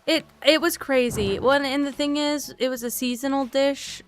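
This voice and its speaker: A tired woman streamer chatting casually and softly while she plays a game, rambling and thinking aloud as she goes. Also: high voice, fairly even intonation, moderate pace, soft background music. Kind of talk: relaxed casual chat while playing a game.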